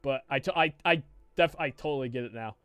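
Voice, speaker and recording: A podcast co-host with a smooth, resonant, fairly bright voice of medium pitch talks fairly quickly as he rambles through a story, swearing freely and restarting his sentences. The sound is close and dry, with no room sound.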